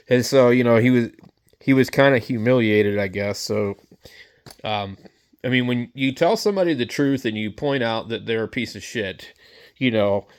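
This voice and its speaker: Blunt rambling man with a low voice. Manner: blunt, rambling, lots of fillers. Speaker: vlogger. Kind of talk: casual storytelling rant to camera.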